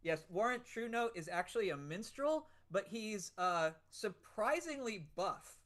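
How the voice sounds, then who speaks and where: A man's voice: sits high, animated, a little slow, a bit bright. A man at a tabletop game, casually describing his character. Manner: casual, chatty. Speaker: player.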